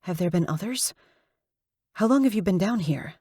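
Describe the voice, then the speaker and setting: A woman's voice: lowish voice, expressive, normal speed, mellow, breathy edge, no echo, clean studio sound. A woman voicing a frightened young female college student held captive, who talks in a panicked, pleading way. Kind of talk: audiobook dialogue.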